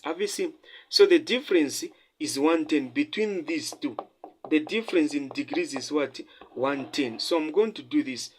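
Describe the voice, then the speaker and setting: Man tutoring, asking "the what?". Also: fairly high pitch. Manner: repetitive, quizzing listeners with "the what?" and "have you seen?"; emphatic, stressing points by repeating them. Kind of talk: math lesson at a whiteboard.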